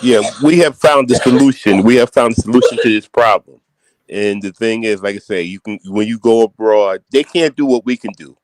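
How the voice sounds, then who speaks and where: A man's voice: fairly low pitch, normal speed, no echo, rough recording. A man on a livestream panel insisting on his point, repeating himself with restarts. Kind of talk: opinionated livestream talk.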